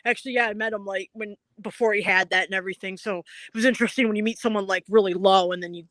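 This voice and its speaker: A woman's voice: mid-range voice, fairly even intonation, fast, a bit bright, no room sound. A woman guest in a casual conversation, telling stories in a chatty way, laughing often and using lots of fillers.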